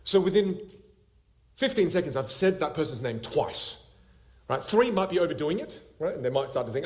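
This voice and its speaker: A lively man coaching a class over a video call, his pitch swinging up and down as he acts out little scenes. The audio is dull and lo-fi, like a cheap call connection. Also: brisk. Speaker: public speaking coach. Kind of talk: interactive online class.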